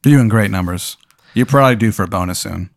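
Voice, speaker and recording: Low-voiced man rambling through a story. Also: fast talker, gravelly, no echo, clean studio sound. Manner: rambling, sets up an absurd hypothetical with many fillers. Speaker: podcast co-host. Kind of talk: casual improvised storytelling.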